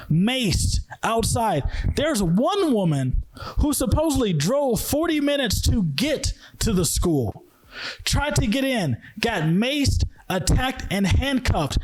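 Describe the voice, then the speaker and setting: A man's voice: very high-pitched, darkish tone. A young man hosting a podcast, ranting angrily about the news with heavy swearing and emphatic outbursts. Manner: heated, profane, emphatic. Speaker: podcast host. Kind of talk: angry news rant.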